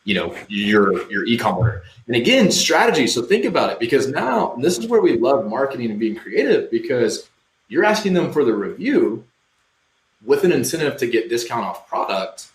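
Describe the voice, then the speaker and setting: A man's voice: medium pitch, moderate pace, roomy sound, poor audio. A man talking casually as a podcast guest, explaining marketing with energy and acting out what customers say. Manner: energetic, acts out customer quotes.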